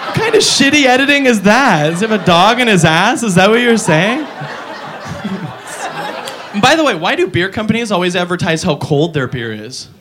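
A man doing a profane stand-up comedy routine on a club stage, exaggerated and animated, jumping into silly voices. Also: high voice. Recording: noisy live club recording.

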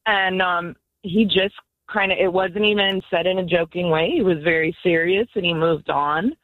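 A woman from Florida calling in to a radio show, telling an animated story about her son. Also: lowish voice, moderate pace, no room sound, phone-quality sound. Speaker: caller. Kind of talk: call-in radio testimony.

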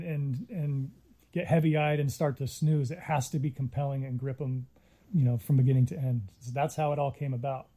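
A man's voice: a little high, dark tone. A middle-aged man speaking earnestly in an interview, telling a story with many small restarts. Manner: earnest, reflective, with frequent restarts. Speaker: interviewee, Native filmmaker.

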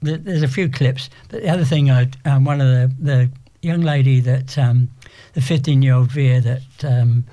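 An older English man talking as an interview guest, rambling and halting with frequent restarts. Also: mid-range voice, steady tone, warm tone. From England. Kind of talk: casual interview.

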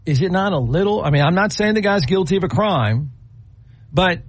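A man's voice: high voice, expressive, brisk, slightly rough, no room sound. A man co-hosting a radio talk show, chatting casually with a wry, incredulous manner and acting out little scenes. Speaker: radio co-host.

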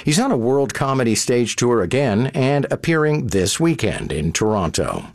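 A man hosts an interview show with a lively, expressive voice. His pitch sits in the middle and moves a lot as he reads brisk introductions and asks questions. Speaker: radio show host. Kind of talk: interview hosting.

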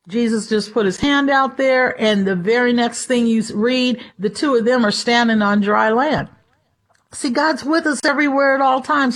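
A woman preaching a sermon in an expressive, storytelling way. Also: high-pitched. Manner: expressive, shifts into dramatized voices.

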